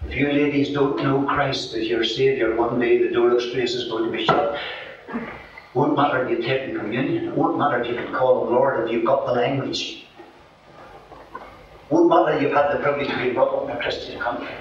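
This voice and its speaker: Older northern irish minister telling stories from the pulpit, far from the mic, dull tape hiss. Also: male voice, mid-range voice, brisk. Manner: animated, folksy storyteller who acts out voices. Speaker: evangelist minister. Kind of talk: fiery storytelling sermon. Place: mission hall at a gospel campaign. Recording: distant echoey hall, dull and hissy.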